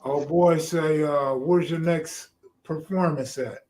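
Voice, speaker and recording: A man's voice: on the high side, fairly even intonation, takes it slowly, darkish tone. A man hosting a live stream, talking loosely and laid-back with slang. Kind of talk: casual chat.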